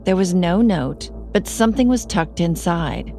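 A woman hosting a podcast, reading a scripted true-crime narration in a measured, serious way. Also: on the low side, animated, warm tone, soft background music.

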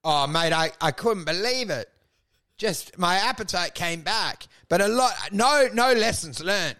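A man with a gravelly voice, co-hosting a casual podcast chat and telling animated, loud stories full of swearing and acted-out quotes. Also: high-pitched, a little slow. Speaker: podcast co-host and stand-up comedian.

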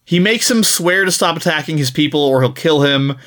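Fairly high-pitched and fairly quick, a podcast co-host retells a book's plot in a casual, animated way. He laughs along and swears freely as he tells the story.

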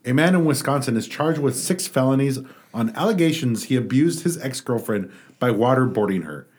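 A man's voice: medium pitch, animated, a little fast, a little mellow. Joking man reading news aloud. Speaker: podcast co-host. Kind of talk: casual group chat.

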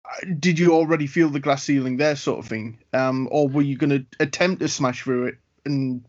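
A man's voice: mid-range voice, fairly even intonation, moderate pace, darkish tone. A man hosting an interview, asking hesitant, searching questions with many fillers. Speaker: podcast interviewer. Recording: dull lo-fi sound.

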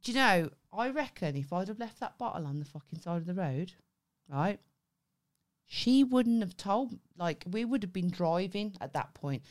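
A woman's voice: fairly low pitch, lively intonation, moderate pace. A young woman on a casual podcast, telling a story in a chatty way, swearing freely and often asking "right?". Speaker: podcast co-host. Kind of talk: casual chat.

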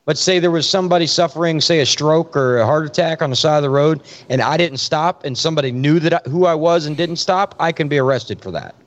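Talking fast with few pauses in a voice on the high side, this Florida cop and podcast co-host spins work stories in a laid-back drawl, cursing freely. It's a casual chat, and the recording is lo-fi.

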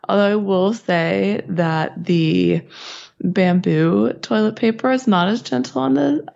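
A woman co-hosting a podcast, husky and stuffed up from a sinus infection, chatting casually, swearing and laughing often. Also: mid-range voice, slow, darkish tone. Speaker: podcast co-host. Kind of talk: casual chat. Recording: dull lo-fi sound.

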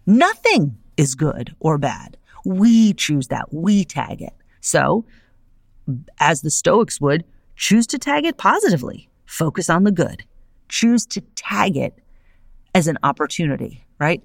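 Middle-aged woman, solo podcast host, low and gravelly, lively and chatty. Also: measured pace, dry recording, clean studio sound. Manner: animated, conversational, often asks "right?". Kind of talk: solo podcast monologue on philosophy.

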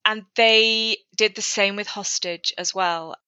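A woman's voice: mid-range voice, fairly even intonation, takes it slowly, bright, forceful tone, no echo, highs cut off. A woman author talking through her writing in a casual interview, thoughtful and prone to restarts. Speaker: author guest. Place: lives in North Wales.

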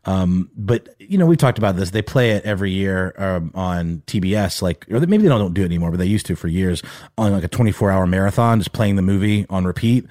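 Low-voiced man rambling in casual chat. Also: fast, no echo, clean studio sound. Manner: rambling, many "like"s, animated tangents. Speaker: podcast co-host.

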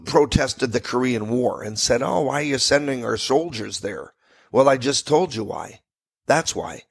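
A man's voice: mid-range voice, husky. An American man hosting a radio talk show from a studio, telling history in a folksy, rambling way with asides to listeners.

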